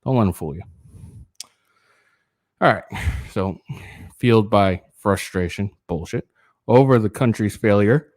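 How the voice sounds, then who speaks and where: A man with a fairly low voice reads a news piece aloud and keeps breaking into crude, rambling asides. He sounds tired, stumbles and restarts often, and leans on fillers. The sound is close and dry. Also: a little slow, long pauses, a little mellow, no echo. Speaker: political commentary channel host. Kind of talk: casual reading of a news article with rants.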